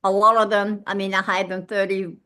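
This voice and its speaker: An older British woman in her eighties, chatting as an interview guest. Her voice sits in a middle pitch, and she tells stories with plenty of life, slipping into the voices of the people she remembers. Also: a little fast, clean tone. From England. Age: 80s. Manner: lively, acts out dialogue in her anecdotes. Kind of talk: casual interview storytelling.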